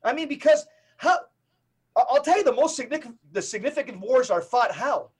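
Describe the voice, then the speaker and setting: With a very high, slightly rough voice and lively intonation, a middle-aged man speaks as a guest on a podcast. He's a Catholic evangelist, delivering his points like a preacher, full of fast lists and repeated phrases.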